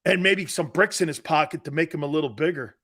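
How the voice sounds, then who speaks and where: A middle-aged man hosting a sports talk show, brash and sarcastic, swearing and breaking into shouted outbursts. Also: on the high side, fast. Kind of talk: opinionated sports radio talk.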